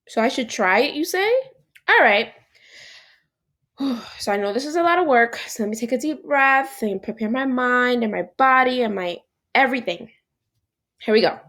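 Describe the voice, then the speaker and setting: A woman teaching a recorded phonics lesson to young children, animated and encouraging, speaking to an unseen class. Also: fairly high pitch.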